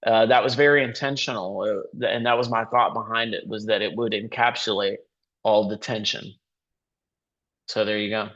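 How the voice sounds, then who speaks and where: A man's voice: lowish voice, steady tone, normal speed, fairly bright tone, lo-fi sound. A man who is a musician, guest on a podcast, talking casually and rambling with many fillers. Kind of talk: casual interview chat.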